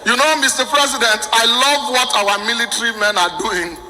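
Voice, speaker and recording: A man's voice: extremely high pitch, fairly quick, long reverb tail, slight background noise, low-quality recording. A Nigerian man performing stand-up comedy for a live audience, acting out the people in his stories as he tells them. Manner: animated storytelling that acts out the people in his stories. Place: live event before an audience.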